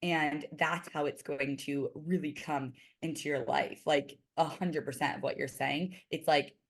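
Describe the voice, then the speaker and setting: A woman in casual podcast conversation, her voice sitting a little low for a woman. She rambles loosely, leaning on "like" and "you know" as she talks. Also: fairly even intonation, unhurried. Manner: chatty, lots of "like" fillers. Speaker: podcast guest. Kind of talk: casual chat.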